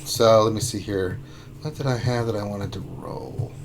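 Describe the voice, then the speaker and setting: A man hosting a casual gaming livestream, playful and excitable, teasing his co-host. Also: lowish voice, moderate pace, noisy background.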